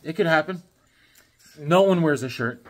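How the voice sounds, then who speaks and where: Showing off his comics and drawings to camera, a man with a fairly high voice talks animatedly at a normal speed. His casual, easygoing rambling is sprinkled with chuckling asides.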